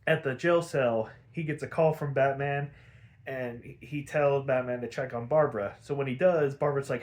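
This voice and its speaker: A man's voice: medium pitch, fairly even intonation, moderate pace. A young man hosting a podcast, recapping a cartoon episode in a loose, chatty way, full of fillers, swearing and laughter. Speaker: podcast host.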